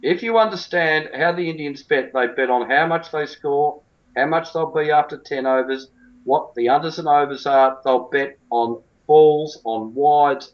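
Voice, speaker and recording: A middle-pitched man talks in a blunt, emphatic and colloquial way, a cricket coach giving an interview. The recording sounds a little dull.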